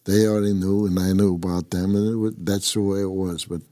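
A man's voice: low-pitched, little pitch movement, fairly quick, mellow, no echo, studio quality. An older man from upstate New York, a former prison inmate telling his story in a blunt, rambling, constantly swearing way. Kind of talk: casual profane storytelling.

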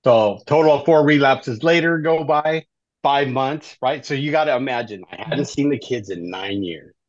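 A man's voice: mid-range voice, moderate pace, lo-fi sound. A middle-aged man, a podcast guest, tells his story in a casual, conversational way and often ends sentences with "right?". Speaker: podcast guest, life coach in recovery.

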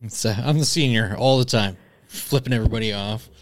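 A man's voice: fairly low pitch, brisk, no echo. A man in casual chat, joking around crudely and swearing freely.

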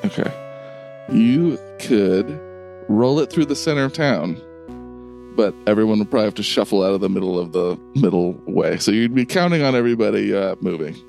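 A man's voice: lowish voice, animated, brisk, vocal fry, a little mellow, faint music behind. A man narrating a tabletop game as game master in a loose, casual way.

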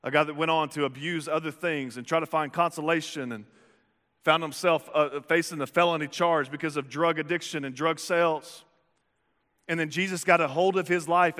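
A man preaches from the pulpit with a forceful, bright voice, pitched a bit above average. He tells stories with animation and keeps asking the congregation pointed questions. His words ring out with a long reverb through a church sanctuary. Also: a little fast. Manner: animated storytelling with rhetorical questions. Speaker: pastor. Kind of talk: sermon.

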